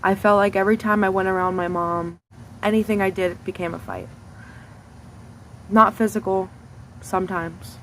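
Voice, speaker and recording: A young woman speaks to her viewers in a confessional vlog, telling a painful personal story. Her voice sits at a middle pitch, and her way of talking is candid and raw, with blunt swearing. A faint hiss of background noise stays under her speech. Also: low-quality recording. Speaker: vlogger.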